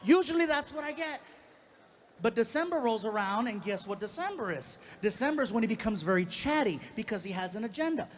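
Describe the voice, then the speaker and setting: A man telling a stand-up comedy story to a live audience in a theater, animated and playful. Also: high-pitched, fast, hardly any pauses, a little hiss or hum.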